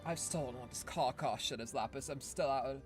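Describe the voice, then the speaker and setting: A woman's voice: rumbling low, brisk, soft background music. A woman streaming live, chatting casually and playfully, with a hyped game-show-host delivery and frequent restarts. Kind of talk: casual livestream chat.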